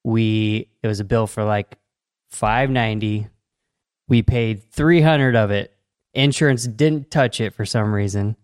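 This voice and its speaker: A man holds the floor in casual podcast chat, spinning an animated story and laughing often. His voice is smooth and clear. It sounds dry and close to the mic. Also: fairly low pitch, measured pace, no room sound. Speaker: podcast co-host.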